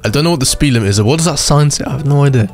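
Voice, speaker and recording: A man's voice: medium pitch, soft background music. A man role-playing a clumsy, cocky learner driver in a joking game session. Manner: fast, playful, cocky, jokey. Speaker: game video host. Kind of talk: comedic role-play banter.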